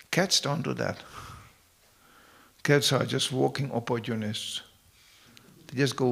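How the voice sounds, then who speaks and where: A man with a gravelly, creaky voice lecturing on scripture in a relaxed, conversational way. He keeps it light and humorous, slipping in stories and asides as he goes. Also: medium pitch, slow, pauses often. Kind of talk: devotional lecture.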